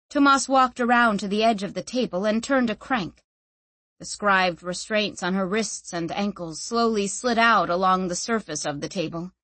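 A woman narrating a story in measured, dramatic scripted narration. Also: medium pitch, a bit bright, no room sound. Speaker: audiobook narrator.

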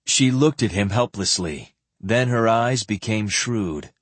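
Husky low-voiced male audiobook narrator. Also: slow pace, no room sound. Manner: expressive storytelling with voiced characters. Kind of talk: scripted fantasy narration.

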